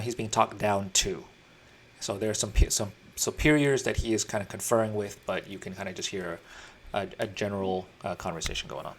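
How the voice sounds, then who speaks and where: A man's voice: lowish voice, slight background noise. A man narrating as dungeon master in a tabletop game, talking casually with fillers and restarts.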